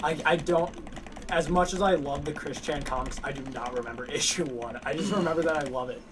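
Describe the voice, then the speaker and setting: A man casually telling a long story to friends, rambling and halting with lots of fillers and restarts. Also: a little high, background noise. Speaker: lore storyteller among friends. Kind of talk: casual chat.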